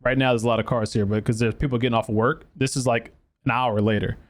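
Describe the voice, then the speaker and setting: Male podcast host, swears freely, rambling animated storytelling. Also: mid-range voice, fast. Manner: profane, animated storytelling with acted quotes; lots of fillers and restarts. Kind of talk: casual storytelling.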